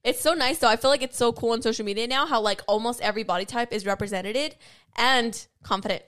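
A woman's voice: on the high side, quick pace, a bit bright. Chatty young woman vlogger. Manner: chatty, says like a lot. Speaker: YouTuber. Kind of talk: casual chat.

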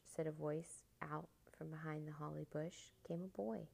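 Woman storyteller, low warm gravelly voice, storybook read-aloud. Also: normal speed, low-quality recording. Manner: expressive, animated storytelling.

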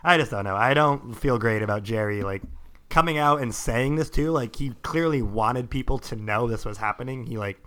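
A man's voice: medium pitch, normal speed, pushed and bright. A man co-hosting a podcast, in casual sports chat, rambling and leaning hard on filler words. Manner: rambling, heavy use of "like". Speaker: podcast co-host.

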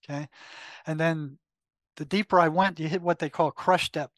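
An older man recounts a story in an animated way, stopping often to voice the exchanges in his head. His voice sits a little high for a man. The sound is dry and close, with no room around it. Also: moderate pace, no room sound. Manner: animated retelling with quoted inner dialogue, frequent fillers. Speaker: guest, retired psychotherapist. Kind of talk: conversational storytelling.

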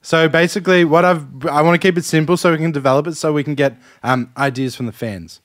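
A man with an Australian accent co-hosting a casual podcast chat, easygoing and quick to laugh. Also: on the high side, fairly bright tone, no echo, studio quality. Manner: easygoing, laughs often, agreeable. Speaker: podcast co-host.

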